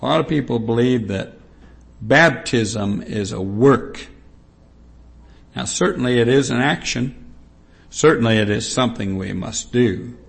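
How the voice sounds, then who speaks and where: A man preaching a sermon, reading scripture aloud and stressing points slowly and emphatically with repetition. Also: mid-range voice, gravelly.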